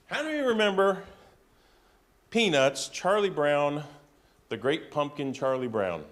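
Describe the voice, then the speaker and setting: A man's voice: a little high, expressive, measured pace, a bit bright. Man preaching, conversational and emphatic. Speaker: pastor. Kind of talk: sermon.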